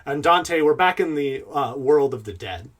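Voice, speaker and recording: A man's voice: a little high, animated, moderate pace. A man running a tabletop game as game master, narrating in a loose, hesitant way with fillers.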